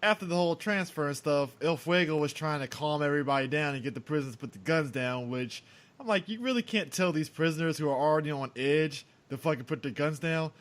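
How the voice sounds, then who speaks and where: A man co-hosting a podcast, breaking down a film with blunt, profane exasperation. His voice sits a bit higher than most men's, and he sounds fed up with each scene he describes. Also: fast talker. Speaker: podcast co-host. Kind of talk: casual movie review chat.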